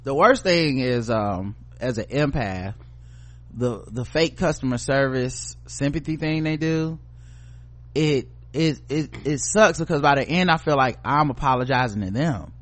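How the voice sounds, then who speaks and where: A man's voice: medium pitch, a little slow. A man co-hosting a casual podcast chat, swearing freely and slipping into mocking voices. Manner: profane, animated, does mocking voices. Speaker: podcast co-host.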